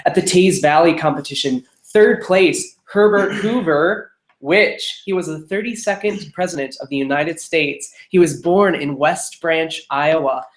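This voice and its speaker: A host reading off competition results in a quick, chatty rhythm and tossing in little asides between placements. The voice sits at a middle pitch. It rings out in an echoey room. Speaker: show choir results host. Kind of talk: live webcast chat reading competition results.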